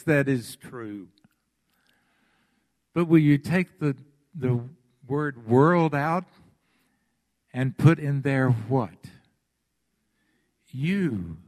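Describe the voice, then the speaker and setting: A pastor preaching a sermon, emphatic and deliberate, repeating his phrases for weight. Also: medium pitch, darkish tone.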